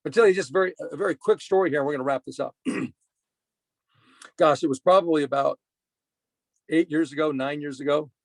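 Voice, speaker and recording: A man's voice: on the high side, moderate pace, pauses often, no room sound. A middle-aged man giving a motivational talk, telling a personal story and repeating his main points for emphasis. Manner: earnest, repetitive emphasis. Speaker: motivational speaker.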